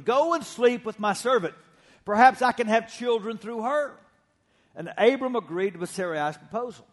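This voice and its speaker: A middle-aged pastor delivers a sermon in a higher-than-usual male voice. He talks in an easy, conversational way and slips humor into his stories. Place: church sanctuary.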